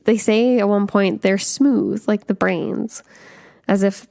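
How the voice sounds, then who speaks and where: Gravelly-voiced woman chatting about films. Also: medium pitch, steady tone, takes it slowly, mellow, dry recording, studio quality. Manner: chatty, full of "like", laughs often. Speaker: podcast co-host. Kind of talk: casual film discussion podcast.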